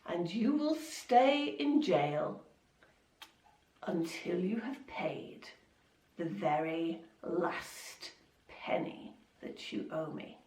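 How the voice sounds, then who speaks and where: A woman's voice: fairly high pitch, sing-song, very slow, reverberant, recorded from a distance, heavily acted. Woman voicing a furious, stern king. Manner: stern, scolding.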